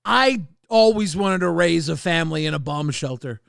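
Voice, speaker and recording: Gravelly high-voiced crude joking man. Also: expressive, normal speed, no room sound, studio quality. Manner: bursts into loud ranting. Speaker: co-host of a commentary stream. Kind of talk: casual chat.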